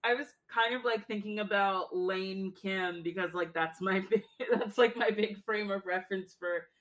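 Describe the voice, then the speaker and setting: A woman in a relaxed conversation about a film, her talk loose and full of filler words. She laughs often as she speaks, and her pitch sits in an ordinary middle range. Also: normal speed. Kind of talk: casual chat about a film.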